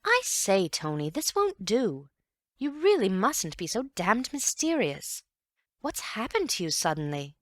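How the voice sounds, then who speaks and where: A woman voicing an eager, excitable young man who bursts out with quick exclamations. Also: a little high, no room sound, studio quality, voice pushed up. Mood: excited.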